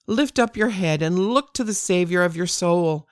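Earnest older woman, smooth low voice. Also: animated, moderate pace, few pauses, no room sound, studio quality. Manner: earnest, encouraging. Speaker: podcast host. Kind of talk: devotional podcast talk.

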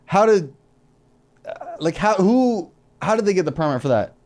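Male co-host, animated and crude storyteller, lively pitch. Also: normal speed. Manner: animated storyteller, swears often, acts out quotes. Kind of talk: casual chat.

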